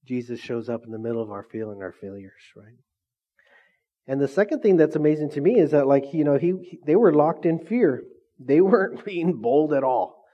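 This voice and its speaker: A man's voice: fairly high pitch, moderate pace, highs cut off. A male pastor preaching a sermon, repeatedly asking the congregation questions and prompting their replies. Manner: call-and-response questions to the congregation.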